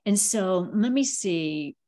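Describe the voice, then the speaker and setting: A woman hosting a casual preaching stream, talking in a loose, conversational way and filling her pauses with little phrases. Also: mid-range voice, animated, dark tone. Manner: conversational, drawn-out, leans on filler phrases. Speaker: ministry host.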